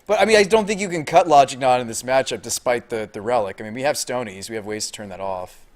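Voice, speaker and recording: A man streaming live, commenting on a card game and chatting with viewers in a deadpan delivery with little inflection. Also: medium pitch, fast talker. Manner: thinks aloud, chats with viewers.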